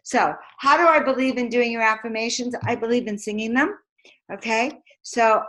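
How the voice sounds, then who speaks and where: A woman's voice: a little high, moderate pace, a bit bright, rough recording. Woman leading spirited affirmations. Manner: emphatic, chanting affirmations, calls and responses. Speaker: spiritual teacher and card reader. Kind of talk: live motivational talk with affirmations.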